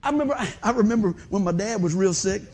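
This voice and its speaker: A middle-aged man, preaching a folksy, animated sermon in a church and asking the congregation questions. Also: high-pitched, fast talker. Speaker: pastor. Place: church sanctuary.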